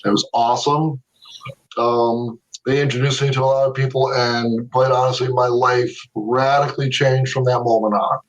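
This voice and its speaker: A man's voice: mid-range voice, level tone, moderate pace, distant mic, muffled recording. A man telling stories as a podcast interview guest. He laughs often and repeats his words as he goes. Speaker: interview guest, video game artist.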